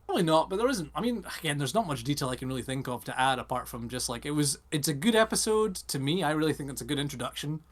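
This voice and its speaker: A man co-hosting a casual podcast, talking quickly and enthusiastically with lots of fillers. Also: fairly high pitch, very animated. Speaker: podcast co-host. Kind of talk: casual chat.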